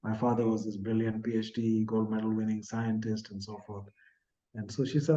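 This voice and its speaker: Earnest, soft-spoken older man telling a story. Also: on the low side, normal speed, highs cut off. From India. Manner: earnest, soft-spoken, trailing off at phrase ends. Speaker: podcast guest, author. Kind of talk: reflective storytelling in an interview.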